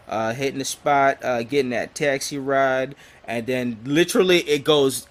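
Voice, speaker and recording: Laid-back man co-hosting a podcast. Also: medium pitch. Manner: laid-back, laughs often, slangy. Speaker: podcast co-host. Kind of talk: casual chat recapping a TV episode.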